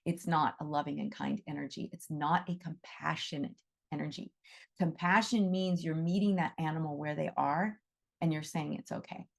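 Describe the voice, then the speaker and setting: Woman, middle-aged, low-pitched, effusive teaching talk, repeats herself for emphasis. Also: moderate pace, gravelly. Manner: effusive, animated, repeats phrases. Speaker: animal reiki teacher.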